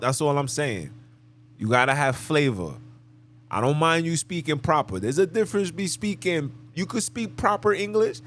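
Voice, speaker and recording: A man's voice: medium pitch, fairly bright tone, a little hiss or hum. A man hosting a live podcast monologue, talking emphatically and preachily and repeating his phrases. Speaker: podcast host.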